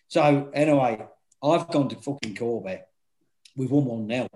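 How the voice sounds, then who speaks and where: This ex-football manager has a mid-range voice and an unhurried, moderate pace. He swears freely while telling lively stories in relaxed conversation, performing the quotes, though the audio is poor.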